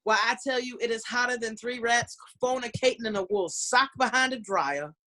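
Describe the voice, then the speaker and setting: A woman's voice: fairly high pitch, normal speed, sharp tone, voice pushed up. A woman voicing an overheated, dramatic Southern belle in an exaggerated Savannah Southern accent over a video call. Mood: swooning. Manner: drawling, theatrical, flowery. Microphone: computer mic on a video call.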